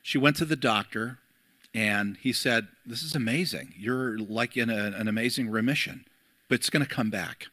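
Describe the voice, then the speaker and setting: A man's voice: medium pitch, moderate pace, sharp tone, no room sound. A middle-aged man, a pastor, preaching a sermon and telling a story to his church, with frequent fillers.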